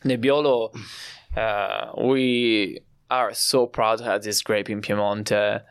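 A young Italian man with an Italian accent, explaining his family's winemaking with pride and frequent pauses. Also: fairly low pitch, fairly even intonation, clear, resonant tone, no room sound, studio quality. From Italy. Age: young adult. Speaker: winemaker guest. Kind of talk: podcast interview.

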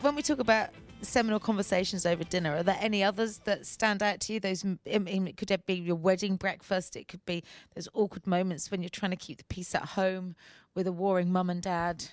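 A woman's voice: medium pitch, fairly even intonation, fairly quick, no room sound, faint music behind. A woman interviewer chatting with a guest, prompting him and finishing his sentences. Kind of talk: conversational interview.

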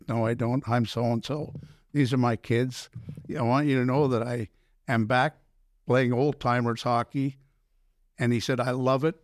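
An older man, a former pro hockey player telling animated stories in an interview, acting out quoted dialogue and often restarting his sentences. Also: mid-range voice, no echo, studio quality. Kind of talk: storytelling in a podcast interview.

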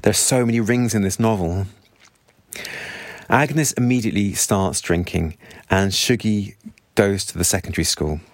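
A man's voice: lowish voice, normal speed, pauses often, no room sound. A man summarizing a novel chapter by chapter, with earnest, sympathetic asides. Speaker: book reviewer. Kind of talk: book summary talk.

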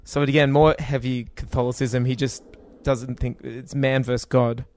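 A man's voice: mid-range voice, level tone, normal speed, a little mellow, no echo. A man chatting casually as he comments on a movie, wry and chatty. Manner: wry, chatty, laughs often.

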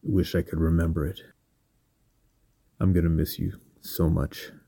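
A man voicing a dying gentle old giant. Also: deep voice, level tone, vocal fry, breathy edge, dry recording, full character voice. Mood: weak, tender. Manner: weak, faint, slow speech.

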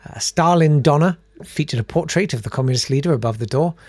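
A man's voice: a little high, quick pace, darkish tone, no room sound. Guy hosting a rambly news chat, sarky, loads of uhs, very dry close mic. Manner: sarcastic, rambling, full of fillers. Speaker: host.

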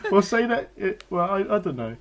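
A man's voice: high-pitched, big pitch swings, fairly quick, slight background noise. Giggly, teasing man. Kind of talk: casual comedic banter.

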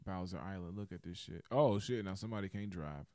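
A man co-hosting a podcast in casual, profane banter while playing a video game with friends, loud and animated. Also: deep voice, fairly quick. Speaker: podcast co-host.

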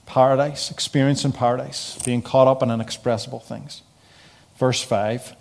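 A man preaching a keynote sermon, reading scripture slowly with soft falling phrase ends and building to emphatic repeated refrains. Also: mid-range voice, flat delivery.

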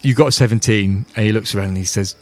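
A man's voice: fairly low pitch, fast. Man running a tabletop game. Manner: relaxed, descriptive, with occasional restarts. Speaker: game master.

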